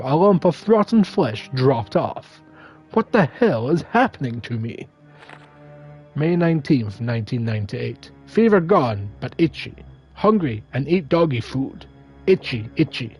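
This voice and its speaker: A man reading aloud as a male mansion keeper who is slowly rotting into a monster, in a put-on accent with halting, broken phrasing. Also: fairly high pitch, darkish tone. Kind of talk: reading game diary aloud.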